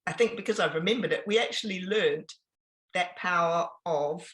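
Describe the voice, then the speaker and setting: A woman giving an informal business presentation, chatty and pausing often with ums and restarts. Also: lowish voice, rough recording. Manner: conversational, with frequent ums and restarts.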